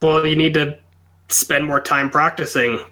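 A young man in his twenties calling in to a show and role-playing his father, answering in a halting, hesitant and apologetic way. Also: a little high, steady tone, bright, forceful tone. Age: 20s.

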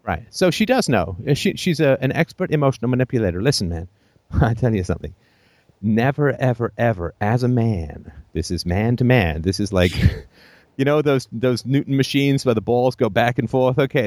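A man's voice: mid-range voice, lively intonation, normal speed, darkish tone, dry recording. A man hosting a call-in show, giving blunt, emphatic advice full of profanity and jokey asides.

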